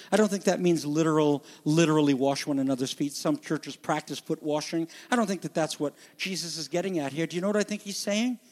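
High-voiced impassioned male pastor. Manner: impassioned, swings between loud emphasis and hushed near-whispers. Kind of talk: sermon.

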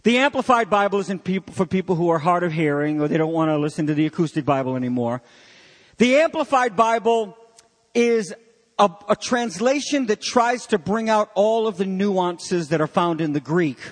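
A man preaching a sermon as pastor, animated and joking with his congregation. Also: sits high, moderate pace. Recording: long hall reverb.

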